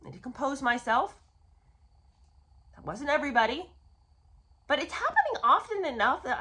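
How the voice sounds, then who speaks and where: Animated, bright-voiced woman host. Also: high-pitched, normal speed, pauses often. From United States. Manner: animated, sarcastic, exasperated asides. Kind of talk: casual book review commentary.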